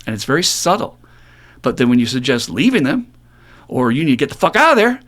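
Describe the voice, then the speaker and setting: A middle-aged man co-hosting a podcast, talking bluntly with plenty of swearing and acting out the voices of the people he describes. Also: quick pace. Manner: blunt, profane, animated storytelling; acts out quoted voices in a raised pitch. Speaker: podcast co-host. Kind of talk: casual podcast talk.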